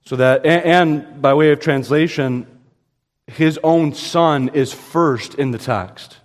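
A pastor preaches a sermon emphatically, his pitch jumping suddenly and his quotations delivered slowly with stress. It sounds like a big room.

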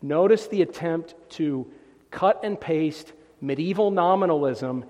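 A man delivering a polemical sermon in a church sanctuary, his slightly high voice ringing with a long hall reverb. He is emphatic and sarcastic, hammering points through repetition. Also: lively intonation, unhurried, darkish tone. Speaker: preacher.

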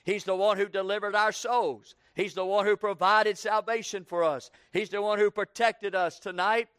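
A man's voice: steady tone, moderate pace, fairly bright tone, smooth, dry recording, clean studio sound. A man preaching an evening sermon, repeating lines in rhythm and calling for "Amen" from the congregation. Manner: call-and-response preaching, asks the congregation "Amen?"; rhythmic repetition, rising to a fervent pitch.

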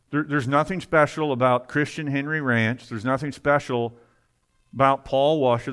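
A man preaching a sermon to a congregation, at times rising to loud, fervent emphasis, with quick asides. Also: mid-range voice.

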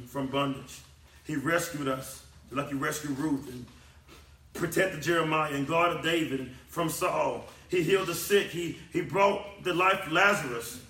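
A man preaching a sermon, repeating lines with emphasis and swinging from loud to soft. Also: mid-range voice, a little hiss or hum. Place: church hall. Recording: echoey hall from a distance.

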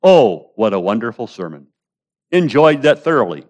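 A man's voice: medium pitch, normal speed, dry recording, voice pushed up, natural voice. Man doing a fake-nice churchgoer voice, polite then brushing the preacher off. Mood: mock praise. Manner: mock-polite, then flat and dismissive.

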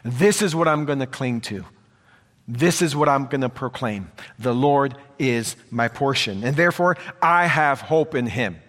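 Slow, earnest male preacher in a reverberant hall. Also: mid-range voice, lively intonation, fairly bright tone. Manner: earnest, repeats phrases for emphasis. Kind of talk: sermon.

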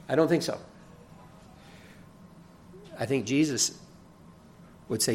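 Gravelly-voiced man preaching a sermon. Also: medium pitch, takes it slowly, pauses often, a little hiss or hum. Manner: earnest preaching with rising emphasis, occasional chuckles and repeated words. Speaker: pastor.

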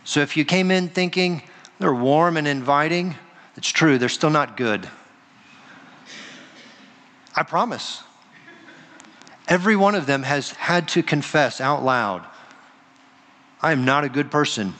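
A man with a high voice delivers an earnest sermon from the pulpit. He pauses for effect and slips into quoted voices. His words ring out with the long reverb of a large church hall. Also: animated, fairly bright tone. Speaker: pastor. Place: church sanctuary.

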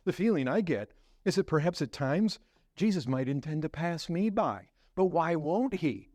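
A man preaching a sermon as pastor, emphatic and swinging between loud urgent questions and hushed, slow passages. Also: on the high side, lively intonation, no room sound.

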